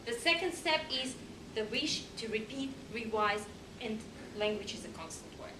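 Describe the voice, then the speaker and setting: A woman teacher gives a lecture presentation to an audience in a room or hall, her fairly high voice moving at a moderate pace with lively intonation. She hesitates often, says "um" a lot, and her English is slightly unidiomatic. The recording is distant, echoey, and noisy.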